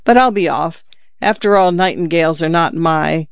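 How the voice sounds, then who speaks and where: Reader playing skeptical old dad, wry and grumbly, smooth clear voice, dry muffled audiobook sound. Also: mid-range voice, moderate pace, no echo, natural voice. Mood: teasing. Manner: wry, musing, dry humor.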